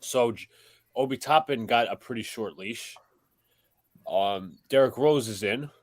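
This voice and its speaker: Fan-stream play-by-play caller, young New York man, brisk and plain. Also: mid-range voice, dry recording. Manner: quick, matter-of-fact calling of plays. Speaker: play-by-play commentator. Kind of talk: live play-by-play commentary.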